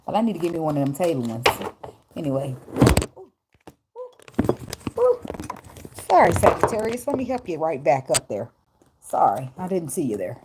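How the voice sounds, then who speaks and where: Woman tarot reader cussing and joking around, lowish voice, noisy phone audio. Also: a little mellow. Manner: loose, profane and joking. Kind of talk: casual spiritual reading vlog.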